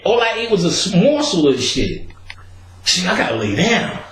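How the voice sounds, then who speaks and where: Animated man telling a story in an echoey room. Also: a little fast, a little hiss or hum. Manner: animated, acts out quotes with big pitch jumps and laughter. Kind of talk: casual storytelling.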